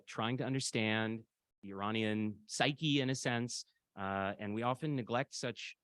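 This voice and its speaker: A man giving a public lecture in a conversational, storytelling way, often pausing with hesitations. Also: lowish voice, a bit bright, dry recording.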